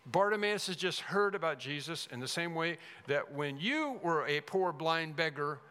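A man preaching an expository sermon as pastor, emphatic, rising loud then dropping to a hush. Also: a little high, expressive, moderate pace, clean tone. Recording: long reverb of a large hall.

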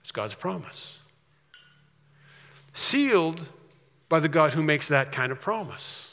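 Bright-voiced man preaching in an echoing hall. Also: a little high, big pitch swings, slow. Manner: emphatic, repeats key phrases. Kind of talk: sermon. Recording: long reverb of a large hall.

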